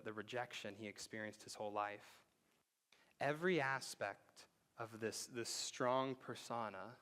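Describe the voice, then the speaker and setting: A man preaching a sermon as pastor, talking conversationally and dropping to a hushed voice for emphasis. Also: on the low side. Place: church sanctuary.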